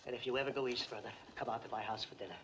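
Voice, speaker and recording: Male actor as a mild, easily flustered traveling salesman; brisk delivery; western film sound. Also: medium pitch, steady tone, a bit bright, close to an everyday voice. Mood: meek. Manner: meek, mild. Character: meek, timid whiskey salesman. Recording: film soundtrack with background noise.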